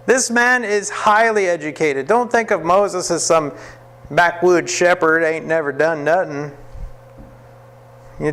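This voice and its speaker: Man teaching an animated Bible lesson. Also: sits high. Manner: lively storytelling, acts out quotes, laughs often.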